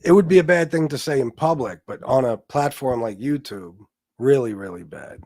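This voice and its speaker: A man's voice: medium pitch, moderate pace, dark tone, no echo. A man hosting a livestream, ranting casually in a profane, boastful, taunting way. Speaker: livestream host.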